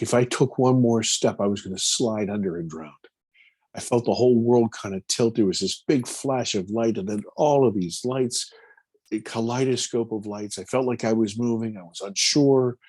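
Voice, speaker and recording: A man in his fifties, a film producer, earnestly recounting a personal story in an interview, halting and repeating words as he goes. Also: on the low side, darkish tone, slightly rough, no room sound.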